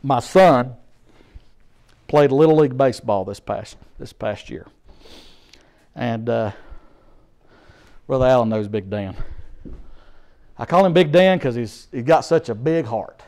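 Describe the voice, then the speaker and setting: A man's voice: mid-range voice, animated, a little slow, pauses often, darkish tone. A middle-aged man, preaching a sermon through an emphatic, repetitive story. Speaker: guest preacher.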